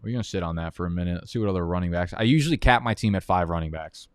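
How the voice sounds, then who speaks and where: A man's voice: deep voice, rapid-fire, clean tone, no echo, clean studio sound. A man hosting a live fantasy football draft stream, talking in a profane, heated, rambling way.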